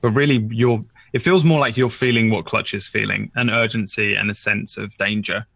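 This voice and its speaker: A man running a tabletop game as dungeon master, narrating in a relaxed, hesitant way with many fillers. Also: on the low side, moderate pace, vocal fry, no echo.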